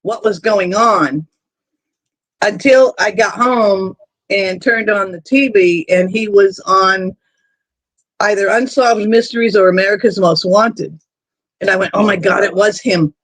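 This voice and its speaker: Live stream host, male, high voice, dry close sound, rambling anecdotal talker. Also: unhurried, a bit bright, dry recording. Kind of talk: casual chat on a live stream.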